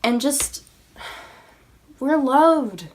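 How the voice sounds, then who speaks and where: Her voice is high, with lively intonation and drawn-out words. A young woman vlogging about faith, she speaks sincerely to camera about insecurity and belief, in a relaxed style full of "you know" and "like."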